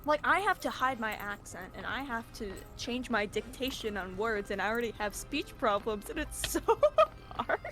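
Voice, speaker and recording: Chatty high-voiced woman streamer. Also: animated, normal speed. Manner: rambling, with many fillers and restarts. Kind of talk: casual chat. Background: music.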